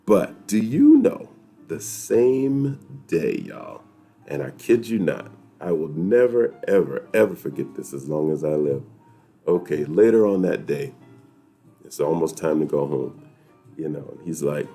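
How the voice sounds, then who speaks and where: Deep gravelly man telling a story. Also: measured pace, faint music behind. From New York. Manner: animated, laughing, talks straight to viewers. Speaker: host of a weekly chat. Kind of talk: casual storytelling to viewers.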